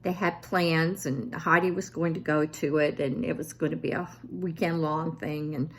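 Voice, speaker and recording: A woman's voice: low voice, normal speed, a little hiss or hum. A woman in her seventies telling family stories in a casual, self-deprecating vlog. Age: 70s. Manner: self-deprecating, animated when quoting family. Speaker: vlogger.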